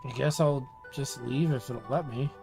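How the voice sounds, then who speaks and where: A man's voice: medium pitch, moderate pace, vocal fry, music in the background. A man streaming a game, casually muttering commentary to himself as he plays. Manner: relaxed, muttering to himself while playing.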